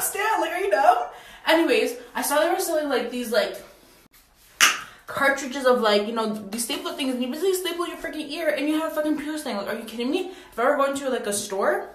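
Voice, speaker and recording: A young woman vlogging casually at home, excitable and dramatic, with sudden loud exclamations. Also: fairly high pitch. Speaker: beauty vlogger. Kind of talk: casual vlog chat. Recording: echoey room with faint noise.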